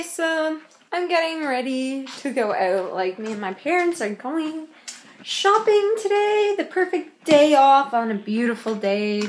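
A woman's voice: high-pitched, very animated, measured pace, a little hiss or hum. A young adult woman chatting to the camera in a casual vlog, rambling with lots of fillers. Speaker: vlogger.

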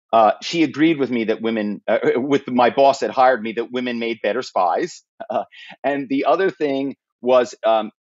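A man speaking as a podcast guest, telling stories in an animated way and slipping into impersonations. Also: mid-range voice, no room sound, lo-fi sound. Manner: animated storyteller who slips into impersonations. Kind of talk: interview conversation.

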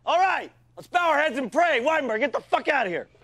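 A man playing a foul-mouthed, hot-tempered football coach in a comedy sketch, yelling insults at his players. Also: extremely high pitch, sing-song, brisk, a faint crowd, full character voice. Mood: rallying.

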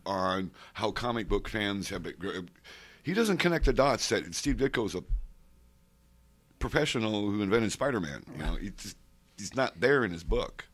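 A man's voice: fairly low pitch, lively intonation, moderate pace, fairly bright tone. A man in his sixties, being interviewed, telling rambling oral-history stories full of digressions and asides. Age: 60s. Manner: digressive, with many asides and restarts. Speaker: interviewee, comics fan and collector. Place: convention center interview room.

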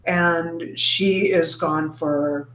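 A woman's voice: lowish voice, fairly even intonation, extremely slow, a bit bright. A woman co-hosting a casual podcast, retelling a book's plot with lots of fillers and restarts. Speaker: podcast co-host. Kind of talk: casual book-club chat. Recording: roomy echo, faint background noise.

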